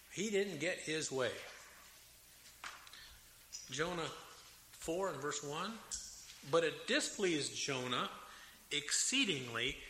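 A man preaching a sermon with a Southern American accent, animated and dramatic, raising his voice as he acts out the complaints of biblical figures. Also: a little high. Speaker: pastor. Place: church sanctuary. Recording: echoey hall with faint room noise.

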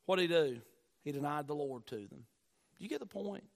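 A man with a notably high voice delivers a sermon with dramatic swings, rising to forceful near-shouts and then dropping to low, quiet lines. He hammers home key phrases by repeating them. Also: expressive, fairly quick. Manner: emphatic preaching, swinging between loud declarations and low, hushed lines. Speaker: pastor.

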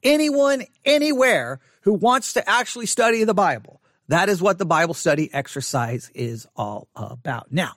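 Male Bible teacher, high voice, dry close sound, earnest and repetitive, online lesson. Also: expressive, fairly bright tone, no room sound. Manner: repetitive, earnest, restarts and emphatic slow repeats.

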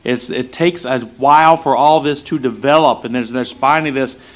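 A man teaching a Bible passage in a relaxed, conversational sermon, acting out quick lines for the disciples as he goes. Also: mid-range voice. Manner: conversational, animated, acts out quick voices of the disciples. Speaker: preacher.

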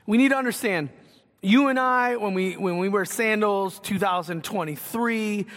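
A man's voice: high-pitched, normal speed, fairly bright tone. A man preaching a sermon, earnest and conversational, asking the congregation direct questions. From Northwest Ohio. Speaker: pastor. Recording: long hall reverb.

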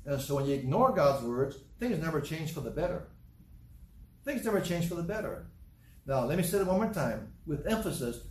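A man's voice: fairly high pitch, very animated, normal speed, darkish tone, echoey room, distant mic, rough recording. A male pastor preaching a sermon in an emphatic, repetitive way, telling stories from his own life.

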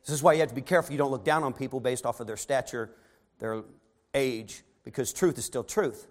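A man preaching a sermon who reads scripture aloud and then retells it in casual modern words, swinging between soft asides and loud emphatic stretches. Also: medium pitch, a little fast.

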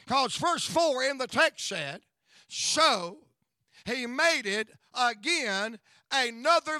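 High-voiced revival preacher man. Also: sharp tone, no echo, studio quality. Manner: call-and-response preaching, chanting repetition. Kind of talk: revival sermon. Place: church.

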